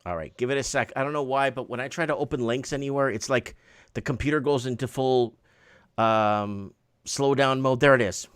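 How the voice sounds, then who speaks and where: A man hosting a call-in show, chatting in a relaxed way with joking, sarcastic asides. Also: mid-range voice, normal speed, smooth, no echo. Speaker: show host. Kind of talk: casual call-in chat.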